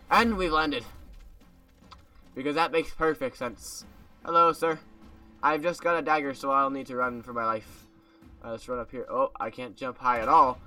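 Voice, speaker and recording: Bright-voiced man in a playful put-on accent. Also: mid-range voice, distant mic. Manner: playful, joking, talks to viewers; puts on a made-up accent. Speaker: gaming video creator. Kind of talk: casual let's-play commentary. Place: home room.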